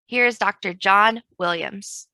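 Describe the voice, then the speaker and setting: Bright-voiced woman introducing a speaker. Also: mid-range voice, measured pace, dry recording. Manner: formal, reads out credentials. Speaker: workshop host.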